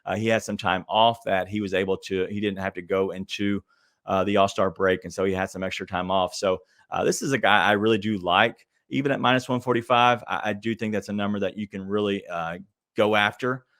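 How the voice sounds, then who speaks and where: A man's voice: lowish voice, fairly even intonation, a little fast, fairly bright tone. A man hosting a podcast, giving casual sports betting advice in a chatty, hesitant way straight to his listeners. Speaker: podcast host.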